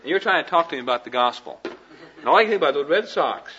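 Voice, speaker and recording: A man's voice: a little high, big pitch swings, fast talker, bright, forceful tone, highs cut off. A man teaching a class on communication at a board, folksy and conversational, often checking in with his listeners. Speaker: Christian ministry teacher.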